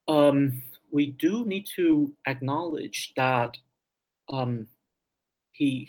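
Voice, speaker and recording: A man's voice: mid-range voice, poor audio. A man being interviewed as a guest scholar, talking hesitantly with many ums and repeated words. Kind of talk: interview discussion.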